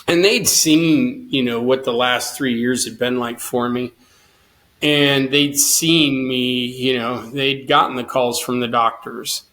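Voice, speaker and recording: A man's voice: mid-range voice, a bit bright. A middle-aged man, a guest on an interview show, telling his story earnestly and quoting his own past thoughts. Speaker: guest, cancer survivor and swimmer.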